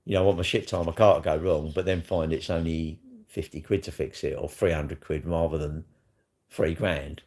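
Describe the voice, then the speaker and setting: A man's voice: rumbling low, steady tone, moderate pace, darkish tone. A middle-aged man, rambling bluntly and crudely in a casual livestream chat, tossing in tag questions as he answers comments. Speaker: livestream host.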